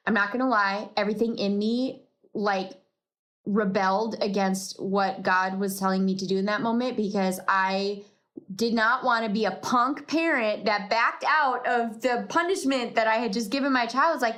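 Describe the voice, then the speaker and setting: A woman's voice: medium pitch, moderate pace, a bit bright. A woman hosting a podcast, telling a personal faith story in a reflective way and laughing at herself now and then. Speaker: podcast host.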